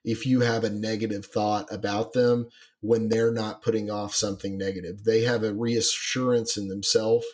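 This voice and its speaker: A man co-hosting a casual podcast, his voice sitting fairly low. He rambles, restarts his sentences and leans on fillers as he thinks aloud. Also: little pitch movement, moderate pace. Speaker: podcast co-host. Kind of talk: casual chat.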